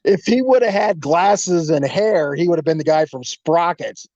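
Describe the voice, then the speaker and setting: A man telling a story in a lively, casual way, acting out every exchange and swearing now and then. The recording is dry with a slightly dull, lo-fi tone. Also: on the high side, normal speed, dry recording. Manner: animated, acts out the dialogue, swears. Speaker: guest.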